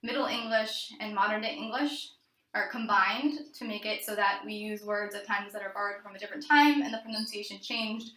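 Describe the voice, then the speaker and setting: A woman's voice: medium pitch, brisk, sharp tone, echoey room, low-quality recording. A woman giving a read-aloud class presentation, reading from notes with occasional fillers and restarts. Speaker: student presenter.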